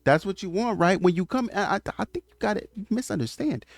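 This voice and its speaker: A man's voice: sits high, expressive, quick pace, dry recording, soft background music. A man giving an opinionated commentary monologue on relationships, lecturing emphatically and often stammering through restarts.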